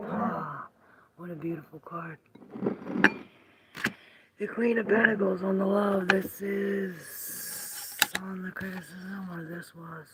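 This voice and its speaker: Slow, musing woman tarot reader. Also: lowish voice, heavy background noise. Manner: musing, drifts into soft half-whispered asides. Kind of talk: live-streamed tarot reading.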